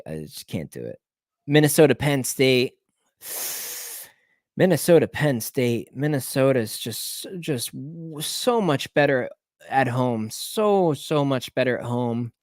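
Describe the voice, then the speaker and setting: A man's voice: medium pitch, no room sound, studio quality. Man muttering through betting picks live. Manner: talks to himself, repeats team names, frequent self-corrections; jumps between muttering and excited outbursts. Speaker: sports betting show host. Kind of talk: live-stream betting picks, thinking aloud.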